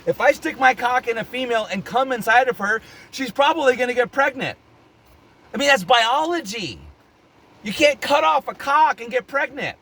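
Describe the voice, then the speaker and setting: A man's voice: extremely high pitch, expressive, moderate pace, sharp tone. A man ranting to camera in a heated opinion vlog, angry, worked up and swearing constantly. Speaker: vlogger.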